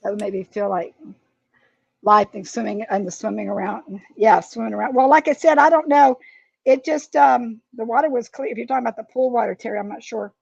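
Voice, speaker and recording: A woman's voice: on the high side, steady tone, brisk, gravelly, husky, no echo, muffled recording. A woman hosting a casual craft livestream, greeting viewers by name. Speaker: livestream host.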